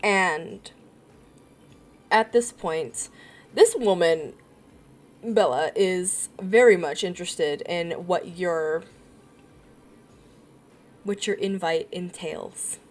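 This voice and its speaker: A woman running a tabletop role-playing game, narrating scenes in a giggly, halting way with many fillers. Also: fairly low pitch, soft background music. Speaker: game master.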